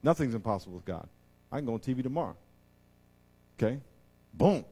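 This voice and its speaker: Male pastor, sermon, medium pitch, dynamic delivery with big swings from hushed to fired-up. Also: brisk, breathy edge. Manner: animated, swings between hushed asides and loud excited bursts.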